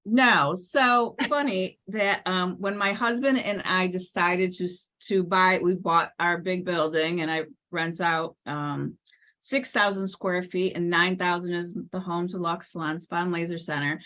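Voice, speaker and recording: A woman's voice: lowish voice, measured pace, highs cut off. A middle-aged woman, a salon spa owner and author, telling stories in an interview and acting out the voices of the people in them. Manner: lively, acts out quoted voices. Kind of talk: animated storytelling in a podcast interview.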